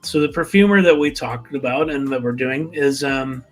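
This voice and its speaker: A man co-hosting a live stream, chatting casually with quick self-deprecating asides. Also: mid-range voice, soft background music. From United States. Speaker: co-host of a fragrance live stream. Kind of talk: casual chat.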